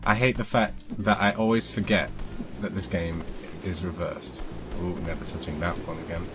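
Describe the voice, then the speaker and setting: A man's voice: deep voice, steady tone, normal speed. A young man hosting a co-op game playthrough, chatting casually with dry, matter-of-fact jokes. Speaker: let's play host. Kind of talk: casual gaming chat. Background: video game music.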